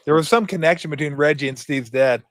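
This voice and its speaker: A man's voice: fairly high pitch, fast, fairly bright tone, no room sound. A man hosting a sports show, asking questions, telling stories and laughing easily in casual chat. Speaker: sports podcast host.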